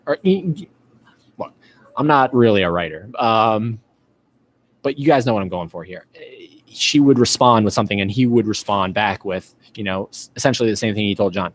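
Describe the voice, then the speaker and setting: A man's voice: on the low side, moderate pace. A man hosting a live-stream podcast, chatting casually and reading out viewer comments, with lots of fillers and restarts. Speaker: podcast host.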